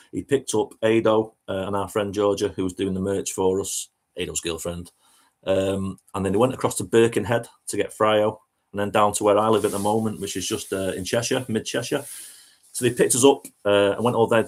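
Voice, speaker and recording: A man with a lowish voice spins a casual road anecdote. He is chatty and self-mocking and laughs through his story. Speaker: touring band musician.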